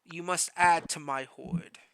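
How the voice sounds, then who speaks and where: A man voicing a huge, protective mother dragon who talks in a slow, low, quiet and threatening way. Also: steady tone, gravelly, smooth, no room sound. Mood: menacing.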